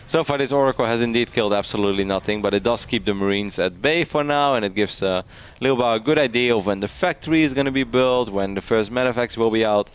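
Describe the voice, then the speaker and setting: A man casting a live esports match, chatty and quick to laugh, telling anecdotes to his co-caster. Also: medium pitch, clean tone.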